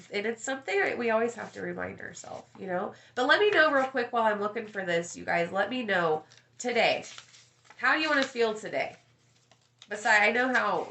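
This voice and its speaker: A woman's voice: medium pitch, sharp tone. A woman coach chatting casually on a live stream, rambling and addressing viewers by name, with casual swearing. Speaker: life coach hosting a live session.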